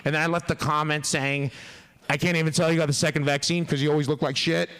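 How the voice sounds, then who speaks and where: Podcast guest, man with a slightly high voice, profane and rambling. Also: little pitch movement, fast talker, a bit bright, smooth. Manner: profane, rambling, laughs through his stories. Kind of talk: casual storytelling.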